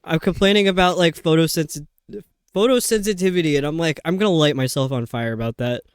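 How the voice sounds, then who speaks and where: A woman's voice: low-pitched, quick pace, smooth, no room sound, studio quality. A woman streamer chatting casually over a video game, rambling and poking fun at herself. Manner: chatty, rambling, self-mocking. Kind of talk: casual livestream commentary.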